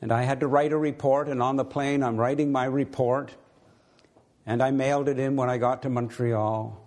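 A man's voice: mid-range voice, steady tone, normal speed, darkish tone. Earnest man preaching a sermon. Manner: earnest storytelling, voice rises when exhorting. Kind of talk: sermon with personal testimony.

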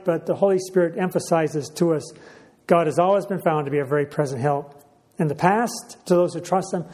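Male preacher, sermon, slightly higher voice, measured delivery, repeats phrases, frequent throat clearing. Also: a little mellow.

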